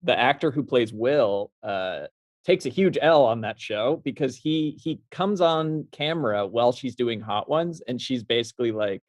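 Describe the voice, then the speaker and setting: A man's voice: mid-range voice, animated, normal speed, no echo. A man hosting a casual panel commentary, joking and moving the show along. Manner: jokey, moves the show along. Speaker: host.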